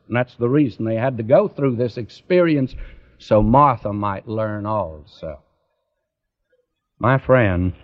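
A man preaching a Bible sermon in an earnest, pleading way, often swelling into emphatic rises. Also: lowish voice. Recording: dull lo-fi radio recording.

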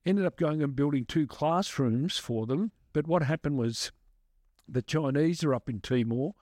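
A chatty man rambles through stories with lots of restarts and fillers. His voice sits a little high for a man. The sound is close and dry. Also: moderate pace, darkish tone, no room sound. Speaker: guest musician and advocate. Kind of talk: casual storytelling answers.

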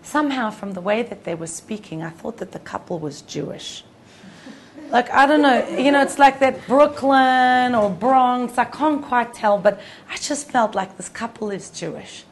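A woman's voice: fairly high pitch, moderate pace, a little hiss or hum. Woman telling a Torah story. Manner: conversational, with frequent restarts and lively storytelling. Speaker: Torah teacher. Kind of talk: storytelling Torah talk to a women's group.

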